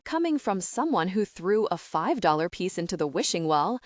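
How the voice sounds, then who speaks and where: A woman narrating a historical romance audiobook in an even, measured reading. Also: fairly low pitch, no echo, studio quality. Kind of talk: scripted narration.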